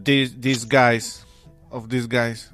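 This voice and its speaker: A Polish man speaking English in casual banter with friends, slow and playfully bossy. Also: medium pitch, little pitch movement, a bit bright, faint music behind.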